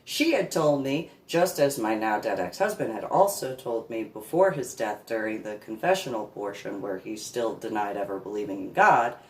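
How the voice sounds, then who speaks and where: A woman in her forties, a reverend, rambling through a personal story with sarcastic asides and repeated words. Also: rumbling low. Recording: echoey room.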